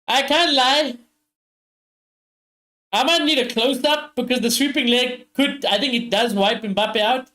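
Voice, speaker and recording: A high-voiced man streams a live football watchalong. He reacts loudly to every chance, swears freely and keeps calling out to his viewers. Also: normal speed, hardly any pauses. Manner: excitable, swears often, talks straight to viewers.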